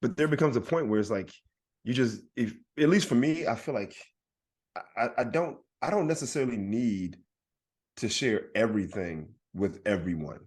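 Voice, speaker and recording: A man, a comedian co-hosting a podcast, talking in an animated, emphatic way and often checking for agreement. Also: medium pitch, normal speed, breathy edge. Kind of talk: casual podcast chat.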